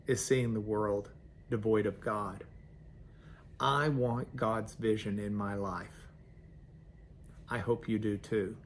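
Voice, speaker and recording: Folksy pastor, conversational devotional, mid pitch. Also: male voice, slight background noise. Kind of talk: devotional sermon.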